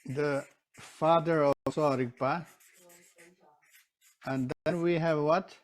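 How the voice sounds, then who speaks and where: Guy teaching a class real slow, kinda high voice, broken english, keeps going "right?" and acting stuff out. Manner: non-standard English grammar, keeps checking with "right?"; animated, acts out examples. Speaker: teacher of Tibetan medicine. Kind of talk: live teaching session.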